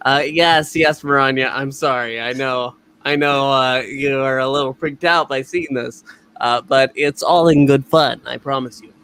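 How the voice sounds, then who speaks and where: A man's voice: medium pitch, steady tone, moderate pace, a bit bright, clear, resonant tone. A man hosting a casual TV episode review, rambling with many fillers. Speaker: host.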